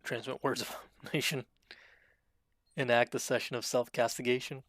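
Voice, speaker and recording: A man casually commenting while streaming a video game, talking in a fairly monotone way and reading the game's options aloud. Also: mid-range voice, moderate pace, dry recording. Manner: self-described monotone, dry delivery.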